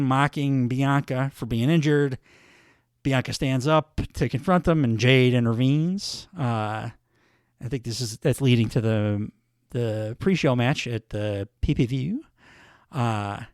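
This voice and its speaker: A man's voice: mid-range voice, no room sound. A man chats through a recap on his podcast, casual and full of fillers, in a mid-range voice. The recording is dry with no room sound. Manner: chatty, many fillers, laughs at himself. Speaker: podcast host.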